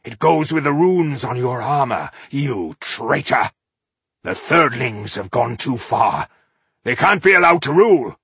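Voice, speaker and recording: A man voicing a gruff, hot-tempered male dwarf warrior who hurls insults and curses. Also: medium pitch, lively intonation, moderate pace, pushed and bright, no room sound, voice pushed up, full character voice. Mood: scornful.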